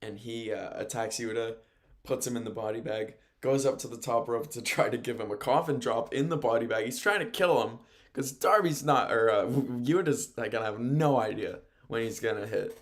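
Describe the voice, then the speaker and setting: A man's voice: mid-range voice, normal speed. A man who hosts radio and calls play-by-play, chatting loosely through a recap, rambling, chuckling often and correcting himself. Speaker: radio host and play-by-play announcer. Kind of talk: casual sports talk recap.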